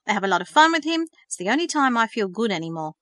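A woman's voice: mid-range voice, lively intonation, fairly quick, fairly bright tone, dry recording, close to an everyday voice. A woman reading the part of a sullen, sarcastic teenage boy who is lonely and defensive. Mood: resentful. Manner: sarcastic, scoffing. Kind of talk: audiobook reading.

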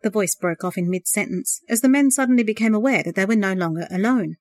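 A woman narrating a novel as an audiobook, in a measured, expressive reading. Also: medium pitch, dry recording, clean studio sound.

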